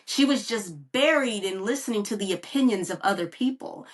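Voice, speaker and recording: A woman podcast guest speaking candidly and haltingly, often acting out her own inner self-talk. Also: mid-range voice, lively intonation, far from the mic. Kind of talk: casual testimony.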